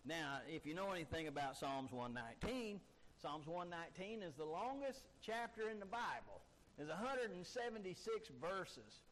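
Guy preaching hard, pretty high voice, keeps hammering the same question. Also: lively intonation, moderate pace, fairly bright tone, rough recording. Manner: emphatic preaching with repeated rhetorical questions. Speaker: pastor. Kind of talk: sermon.

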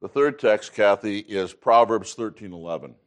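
A man in his sixties teaching a Bible class, emphatic, reading scripture aloud and often clearing his throat. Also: fairly low pitch, normal speed.

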